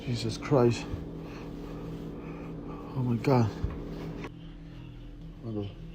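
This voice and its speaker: A frightened man filming himself in his bedroom at night, talking to viewers in a hushed, halting voice and swearing under his breath. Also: medium pitch, steady tone, noisy background. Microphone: handheld phone camera.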